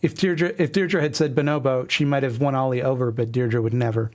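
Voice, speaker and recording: A man's voice: mid-range voice, steady tone, fairly quick, darkish tone. A man streaming, reading his old webcomic aloud with wry, self-deprecating commentary. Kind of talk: casual commentary reading a comic.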